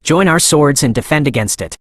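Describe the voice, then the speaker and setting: A man's voice: a little high, animated, a little fast, dry recording, studio quality. A man voicing a boastful, ruthless male martial arts master in a comic recap, reading his taunts. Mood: dismayed. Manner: angry, shouting taunts.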